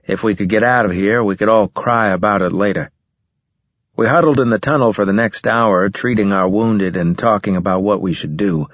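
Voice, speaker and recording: Man, audiobook narration, first person, measured, low husky voice, slightly dull lo-fi sound. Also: a bit bright, dry recording.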